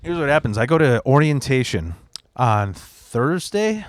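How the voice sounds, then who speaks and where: A standup comedian spins rambling, swear-filled anecdotes in casual podcast talk. His voice sits at a middle pitch, close and dry on the mic with no room sound. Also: sing-song, measured pace, no room sound.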